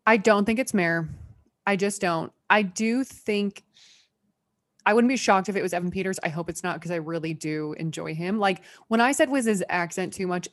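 A woman co-hosting a podcast, chatting casually, asking questions and making quick asides. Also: on the low side, dry recording, clean studio sound. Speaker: podcast co-host. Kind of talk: casual chat.

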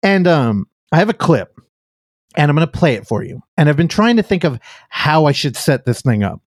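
A man's voice: on the high side, very animated, moderate pace, no echo, studio quality. A man hosting a casual film podcast, chatting loosely, laughing often and interrupting himself. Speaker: podcast host. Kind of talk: casual podcast chat about films.

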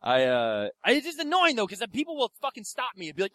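Young male stand-up comic; profane, ranting delivery, animated pitch, dry close sound. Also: fast, dry recording. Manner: profane, ranting, acts out quoted voices. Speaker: stand-up comedian. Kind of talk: stand-up comedy set.

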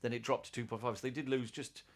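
A man co-hosting a casual wrestling chat, rambling and excitable. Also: mid-range voice, fast. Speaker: wrestling podcast co-host.

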